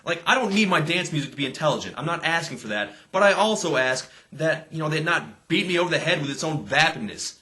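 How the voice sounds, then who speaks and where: A man's voice: on the high side, pushed and bright. A man reviewing a pop song with sarcastic, exasperated commentary. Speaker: music reviewer. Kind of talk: comedic video review.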